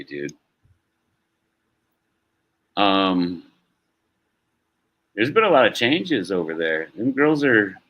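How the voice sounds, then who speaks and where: A man's voice: on the low side, pushed and bright, low-quality recording. A man hosting a live stream, chatting casually about sports in a rambling, laid-back way and swearing now and then. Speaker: stream host.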